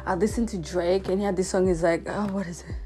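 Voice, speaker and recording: A woman's voice: on the low side, fairly even intonation, fast, music in the background. A 22-year-old woman, hosting a podcast in a casual monologue, talking in a self-mockingly dramatic way and laughing often. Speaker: podcast host.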